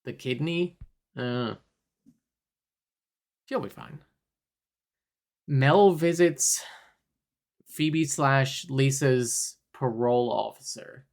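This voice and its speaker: A man's voice: medium pitch, creaky. Wry man recapping a movie. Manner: wry, acts out characters' lines in quick bursts. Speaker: podcast co-host. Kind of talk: casual movie recap chat.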